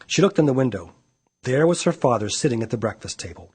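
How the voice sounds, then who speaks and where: A man reading a children's picture book aloud in a playful, animated way. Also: medium pitch, fast talker, slightly rough. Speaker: storyteller.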